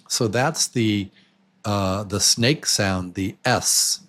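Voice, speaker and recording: Slow, low-voiced male English teacher. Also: lively intonation, a faint crowd. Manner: repeats each word several times, slow and deliberate; patient and encouraging. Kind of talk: slow beginner pronunciation lesson.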